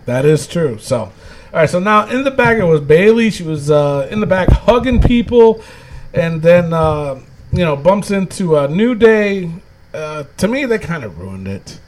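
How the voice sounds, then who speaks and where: A man's voice: on the high side, very animated, unhurried, a little hiss or hum. A man hosting a casual wrestling recap chat, rambling and laughing often as he talks. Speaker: podcast host.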